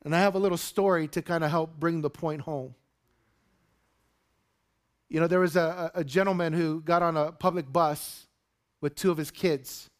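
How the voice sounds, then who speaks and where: A man's voice: a little high, moderate pace, long pauses. A male pastor preaching a sermon to his congregation, telling a story and acting out the voices in it. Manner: animated storytelling, acts out quotes. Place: church sanctuary with congregation.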